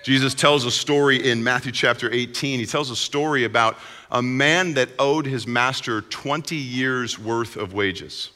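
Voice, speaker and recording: Bright-voiced pastor preaching in a big hall. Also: male voice, mid-range voice, a little slow. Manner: conversational, animated preaching. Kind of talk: sermon. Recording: long hall reverb.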